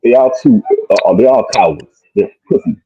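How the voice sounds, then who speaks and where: A man's voice: lowish voice, a little fast, dark tone, slightly rough. A man co-hosting a casual livestream chat, blunt and plain-spoken, with frequent ums and restarts. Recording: muffled lo-fi stream audio.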